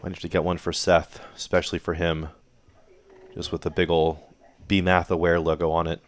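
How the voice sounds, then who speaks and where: A man's voice: sits low, flat delivery, moderate pace. A man calling darts play-by-play as host of a home-broadcast league, in a playful, theatrical way with teasing jokes about the players. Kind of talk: play-by-play sports commentary. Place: home laundry room. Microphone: computer broadcast setup.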